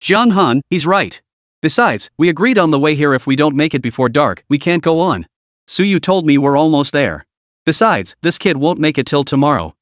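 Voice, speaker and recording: A man's voice: a little high, animated, moderate pace, dry recording, clean studio sound, close to an everyday voice. A man voicing a stern, loyal male official who speaks firmly and with a warning tone. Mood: urgent. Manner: firm, warning.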